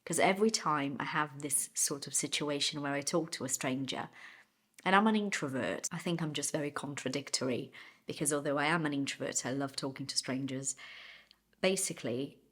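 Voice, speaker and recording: A woman's voice: low voice, brisk, fairly bright tone, breathy edge. A woman English teacher telling a personal story as a lesson, chatty, laughing now and then, and stopping to explain idioms.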